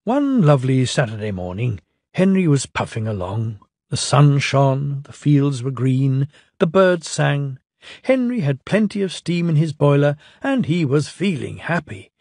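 A man reading a children's storybook aloud in a lilting, expressive way. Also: a little high, a little slow, no echo, studio quality. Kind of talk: storybook narration.

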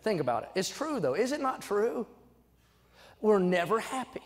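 A young adult man preaching a sermon, swinging from quiet asides to loud, emphatic exhortation. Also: high-pitched, very animated, normal speed. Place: church sanctuary. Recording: church sanctuary with long reverb.

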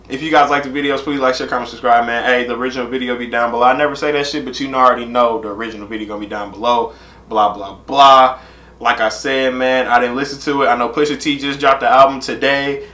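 A man's voice: mid-range voice, pushed and bright, roomy sound. A young man hosting a casual reaction vlog, talking in loose slangy banter with lots of fillers. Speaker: reaction channel host.

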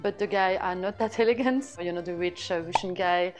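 A woman feels her way through an interview answer, pausing often on fillers. Her voice sits a little low, with music clearly playing underneath. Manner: hesitant, filler-heavy.

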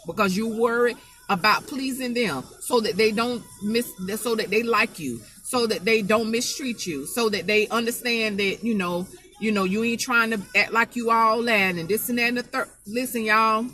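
A woman's voice: a little high, normal speed, sharp tone. A woman preaching an informal spoken sermon, emphatic and folksy, repeating her phrases to drive the point home.

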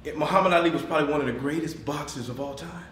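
A man giving a motivational talk to a room of managers, swinging from shouts to near-whispers, laughing often and calling on the audience. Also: on the high side, very fast, echoey room, distant mic, a little hiss or hum. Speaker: motivational speaker. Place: meeting room.

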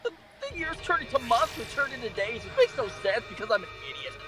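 A man's voice: very high-pitched, big pitch swings, fast. A man voicing a brash, crude male cartoon hedgehog hero in a goofy parody fan dub. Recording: music playing loudly under the voice.

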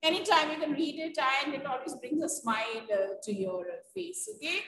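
A woman's voice: high-pitched, lively intonation, unhurried, bright, forceful tone. A woman with an Indian English accent teaching an English class, explaining with many fillers and checking questions. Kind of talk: online class lesson. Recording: echoey room, distant mic, faint noise.

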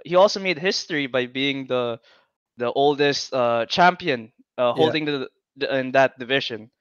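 A man from the Philippines, a guest chatting casually about boxing in a relaxed, halting way with plenty of fillers and restarts, heard over a video call. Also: medium pitch, clear, resonant tone, dry recording, highs cut off. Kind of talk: casual chat.

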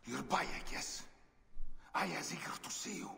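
A theatrical male scholar-poet from a video game, grand and flowery, his bright, gravelly voice swooping high and low. The line rings with a long reverb. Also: moderate pace, exaggerated voice.

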